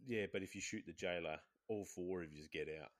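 A man chatting casually on a podcast, telling animated stories and acting out quotes in high voices. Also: brisk. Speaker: podcast co-host. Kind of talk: casual gaming chat.

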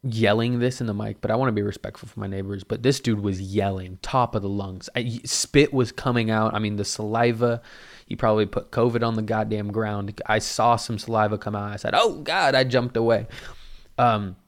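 A man's voice: fairly low pitch, steady tone, a little fast. A man casually telling a story at home into a mic, rambling and cursing freely as he acts out what people said. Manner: rambling and profane, acting out quotes.

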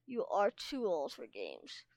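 A woman's voice: mid-range voice, huge pitch swings, takes it slowly, a little mellow, no echo, heavily acted. A woman reading aloud, voicing a huge, stern female dragon teacher who scolds her pupils.

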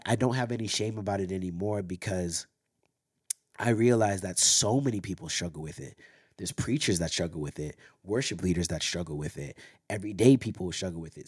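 Earnest low-voiced man, voice going hoarse. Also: a little mellow. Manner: earnest, open, ends in spoken prayer. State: losing his voice. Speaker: podcast host. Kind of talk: solo faith podcast, personal testimony.

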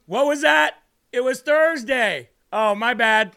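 Male host, very high voice with gravelly fry, unhurried and mocking. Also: bright, forceful tone. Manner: sarcastic, laughs often, scornful asides. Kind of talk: mocking political commentary.

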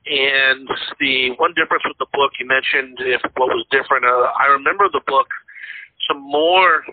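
A man's voice: medium pitch, steady tone, moderate pace, slight background noise. A man co-hosting a casual podcast chat about movies, rambling with lots of fillers and restarts. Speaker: podcast co-host. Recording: tinny phone-like line.

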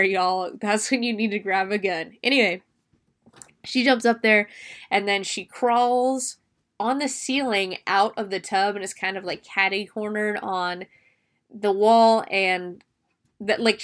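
Young woman reviewer, casual, profane, mid-pitched, talks through the plot scene by scene. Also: a bit bright. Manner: chatty, swears freely, retells scenes step by step. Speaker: movie reviewer. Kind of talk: casual spoken movie recap.

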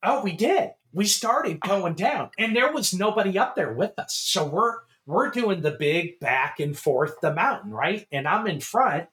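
A middle-aged man spins a rambling story for his co-hosts, his voice bright and sitting a little high for a man. He swears freely and laughs his way through the telling in an easy, casual chat. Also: unhurried, few pauses. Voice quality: animated, swearing, laughs while telling stories. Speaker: podcast co-host.

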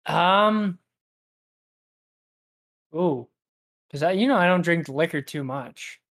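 A young man co-hosting a podcast, chatting in a relaxed way with many hesitations. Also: on the high side, takes it slowly. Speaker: podcast co-host. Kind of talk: casual chat.

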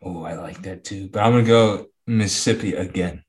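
A young man co-hosting a casual podcast, chiming in with quick wisecracks. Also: low-pitched, darkish tone. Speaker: podcast co-host. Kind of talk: casual chat.

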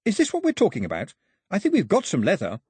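A man's voice: high voice, wildly swooping pitch, fast, a little mellow, slightly rough, no echo, clean studio sound, voice pushed up, exaggerated voice. A man doing a cheerful, eager young islander, Pilu.

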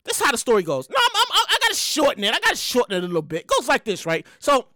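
A woman hosting her own podcast in a casual solo monologue, loud, hyped, profane and rambling, often repeating herself. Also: high voice, wildly swooping pitch, very fast, no room sound, clean studio sound. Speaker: podcast host.

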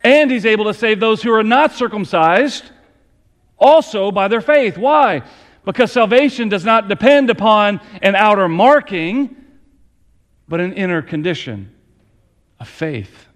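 A middle-aged pastor preaches in a high, unhurried voice, pressing down on key words with earnest rising emphasis. His sermon rings out with the long reverb of a church hall. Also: animated.

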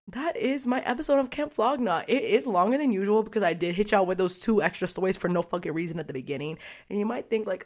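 A woman's voice: lowish voice, fairly quick. A young woman hosting her own podcast, chatting casually and rambling, with lots of fillers and swearing. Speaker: podcast host. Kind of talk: casual solo podcast chat.

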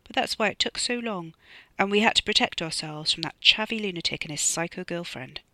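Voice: medium pitch, a little fast, bright, forceful tone, no room sound. Narrator voicing a panicked, hissing young man. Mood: desperate. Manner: desperate, hissing, pleading. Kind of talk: audiobook reading.

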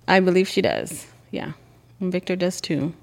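A middle-aged woman co-hosting a casual chat podcast, telling family stories in a joking, animated way and mixing in Spanish words. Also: fairly low pitch, normal speed, vocal fry. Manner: animated storyteller, joking, acts out family quotes. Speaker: podcast co-host.

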